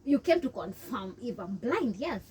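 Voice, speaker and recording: A young Kenyan woman with a Kenyan accent, telling her story in an interview and mixing English and Swahili in an animated way. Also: fairly high pitch, moderate pace, husky, distant mic. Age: young adult. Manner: switches between English and Swahili, animated, laughs often. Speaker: interview guest.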